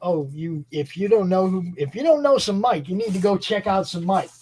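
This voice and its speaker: A man's voice: sits high, normal speed, darkish tone, poor audio. A man hosting a casual chat, enthusiastic and rambling, with many fillers and restarts. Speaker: host. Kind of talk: casual chat about comic books.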